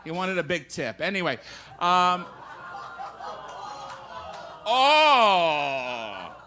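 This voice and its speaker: A man's voice: high-pitched, big pitch swings, moderate pace, pushed and bright, slight background noise. A man doing live stand-up in a comedy club, telling old-school jokes and firing back at hecklers. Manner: old-school joke teller, banters with hecklers. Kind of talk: live stand-up with crowd work.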